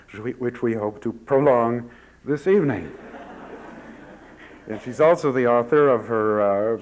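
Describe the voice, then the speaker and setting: A man of middling pitch opens an evening lecture with a formal introduction. He stumbles and fills gaps with many pauses as he presents the speakers to the hall. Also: a little hiss or hum. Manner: halting, many fillers. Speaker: event moderator.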